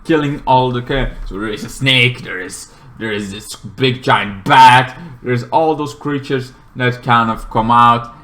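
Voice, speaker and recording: A man's voice: mid-range voice, a little slow, few pauses, bright, forceful tone. A man in his late twenties casually recapping a movie plot, rambling and padding his sentences with fillers like "kind of thing". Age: 20s. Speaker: movie reviewer.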